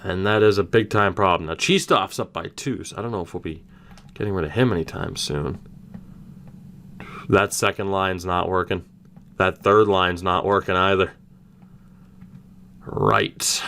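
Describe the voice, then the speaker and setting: Young male gaming host, lowish voice, chatty play-by-play with lively reactions. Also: measured pace, vocal fry, pauses often. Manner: thinks aloud, animated reactions, mild swearing. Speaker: gaming YouTuber. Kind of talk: casual let's-play commentary.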